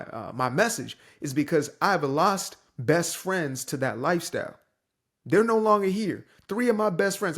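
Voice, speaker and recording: Emphatic young man with a higher voice. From San Francisco Bay Area. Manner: emphatic, preachy, conversational. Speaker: commentator. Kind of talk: casual opinion monologue.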